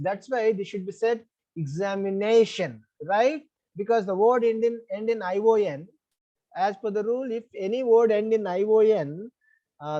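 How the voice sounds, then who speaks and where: A man's voice: sits high, dark tone, lo-fi sound. A man with an Indian English accent teaching an online English class. He explains the rules step by step, repeats them, and checks that the students follow. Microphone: online class call.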